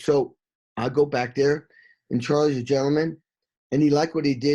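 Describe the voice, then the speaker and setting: An excitable middle-aged man with a husky, slightly raised voice tells studio war stories in a rush. He swears freely and sings out drum patterns as he goes. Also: a little high, normal speed, pauses often. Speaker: session drummer, interview guest. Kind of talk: animated storytelling in an interview.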